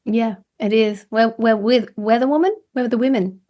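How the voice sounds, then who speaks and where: A woman's voice: a little high, normal speed, mellow. A woman hosting a podcast in casual chat, playful and laughing often. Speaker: podcast host.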